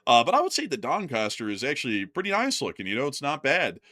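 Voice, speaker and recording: An American man co-hosting a news commentary channel chats casually and rambles, dropping lots of "like" and "man" between laughs. His medium-pitched voice swoops wildly and is fast, bright, and forceful.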